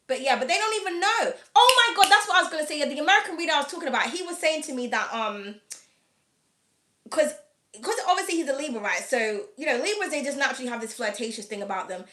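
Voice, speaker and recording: A woman in candid chat to camera, blunt and quick to swear. Her voice sits high and sounds bright and sharp. The room around her gives an echo. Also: animated. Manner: frank and blunt, swears freely, laughs often. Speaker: host of an astrology reading channel.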